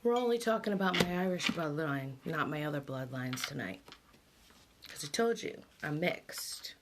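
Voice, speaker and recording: With background noise behind her, an island-born, middle-aged vlog host reads facts aloud and then reacts with laughter and musings. She speaks in a low, animated voice at a moderate pace.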